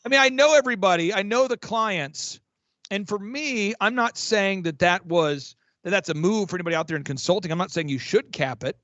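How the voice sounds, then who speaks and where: A man working as a business coach, talking in an energetic, emphatic way with frequent restarts on a podcast. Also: high voice, brisk, no echo, highs cut off. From Oklahoma. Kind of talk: fast promotional podcast talk.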